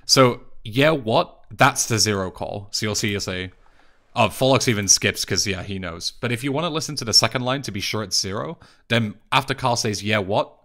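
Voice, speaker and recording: A young man with an English accent, talking through a speedrun tutorial voice-over in a relaxed, chatty way, with plenty of fillers and restarts. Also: fairly low pitch, normal speed. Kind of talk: casual game tutorial voice-over.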